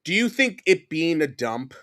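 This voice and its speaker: A man in his forties from New York City, chatting as a podcast guest. He tells loose, animated stories full of fillers and false starts. His voice sits a touch high for a man. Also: moderate pace. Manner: rambling, animated storyteller with lots of fillers and restarts. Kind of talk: casual chat.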